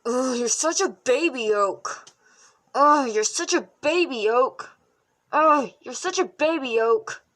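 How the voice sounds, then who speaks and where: A woman voicing a young, playful wolf pup for a fan voice-over, reading each line in several takes in a high, yelping voice. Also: expressive, extremely slow, long pauses, sharp tone, no echo, heavily acted. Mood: teasing.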